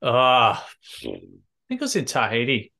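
A man, co-hosting a podcast in casual chat with hesitant, deadpan humour. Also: medium pitch, a little slow, creaky. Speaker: podcast co-host.

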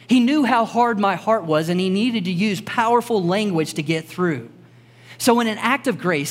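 Pastor, male, high animated delivery, earnest and personal, church sermon. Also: big-room sound. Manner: earnest, personal storytelling with emphatic repetition. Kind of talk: conversational sermon. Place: church service before a congregation.

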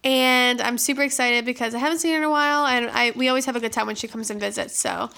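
A bubbly young woman in her twenties co-hosts a casual podcast, chatting with lots of "like" and quick laughs. Her voice sits high and bright. It comes across light and lively. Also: vocal fry. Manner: bubbly, laughs often, says "like" a lot. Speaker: podcast co-host. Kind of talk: casual chat.

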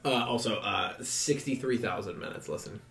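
A man's voice: lowish voice, normal speed, fairly bright tone. A young man co-hosting a casual podcast, dropping short, dry wisecracks between the others' stories. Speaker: podcast co-host. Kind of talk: casual chat. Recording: roomy echo.

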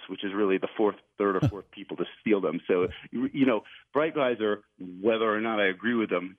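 A man, an author and journalist, talking as a guest in a radio interview, telling his story eagerly and chuckling now and then. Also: fairly low pitch. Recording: tinny phone line.

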